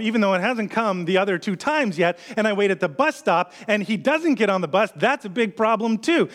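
A man in his thirties, a pastor, telling a personal story in a conversational sermon style and building tension with quick repeated phrases. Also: high-pitched, a bit bright. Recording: long hall reverb.

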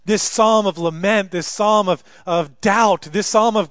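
A man delivers a sermon in a notably high, lively voice, acting out the cries of scripture figures with growing force before sinking low. The sound is dry and close, with no room echo. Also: measured pace, hardly any pauses. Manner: animated, dramatizes scripture voices, rising loudly for emphasis. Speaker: pastor.

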